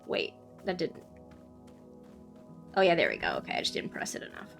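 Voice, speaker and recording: A woman's voice: fairly low pitch, wildly swooping pitch, normal speed, vocal fry, soft background music. A woman game streamer chatting casually, giggly and trailing off as she plays.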